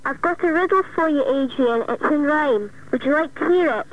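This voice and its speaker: A woman from Scotland, a caller, reciting a rhyming riddle quickly and lively over the phone. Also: high-pitched, distant mic, lo-fi sound.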